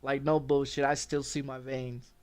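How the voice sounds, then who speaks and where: A man's voice: mid-range voice, flat delivery, normal speed, darkish tone. A middle-aged man telling a long, rambling personal story with lots of swearing and frequent laughter, as a streamer talking casually. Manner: rambling, profane, laughing often.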